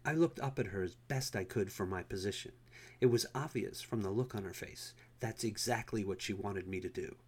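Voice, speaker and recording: A man reading an erotic story aloud as narrator, in a low, intimate way. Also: moderate pace, darkish tone, slightly rough.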